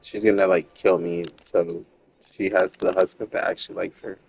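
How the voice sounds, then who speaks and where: A man's voice: sits low, little pitch movement, moderate pace, gravelly, darkish tone, breathy edge, soft background music, low-quality recording. A man chatting casually while streaming a game, rambling and frank, swearing freely with lots of "like". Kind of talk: casual gaming chat.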